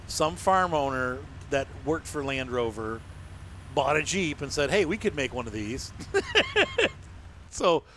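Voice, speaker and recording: A man hosting a casual gameplay session with a friend, jokey and quick to laugh, sometimes breaking into a line of song. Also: mid-range voice, expressive, a bit bright, slight background noise. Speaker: gaming channel host.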